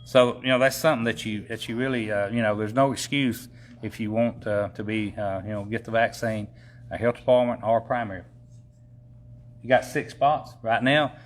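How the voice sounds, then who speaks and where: A man's voice: fairly low pitch, steady tone, fairly quick, slight background noise. A man, a county executive giving a casual public update, folksy and rambling with lots of fillers.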